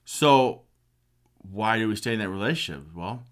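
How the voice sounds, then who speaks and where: Deep-voiced earnest middle-aged man. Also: animated, moderate pace, clear, resonant tone. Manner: earnest and passionate. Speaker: speaker sharing a personal story. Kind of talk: personal testimony talk.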